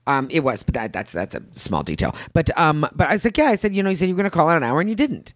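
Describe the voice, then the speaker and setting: A woman in her thirties chatting casually as a podcast co-host, acting out quotes with big jumps in pitch. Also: sing-song, racing, no room sound, studio quality. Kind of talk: casual chat.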